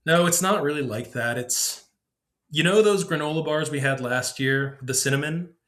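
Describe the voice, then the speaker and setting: A man voicing a tired young woman looking after two children in a read-aloud story, gentle but firm. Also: a little high, moderate pace, pitched above the performer's own voice, lightly acted.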